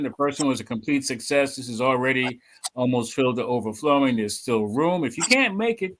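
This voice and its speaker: A man giving a sermon's closing and announcements at a spiritual center, relaxed and rambling with many fillers. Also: medium pitch, a little hiss or hum, rough recording. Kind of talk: casual church announcements.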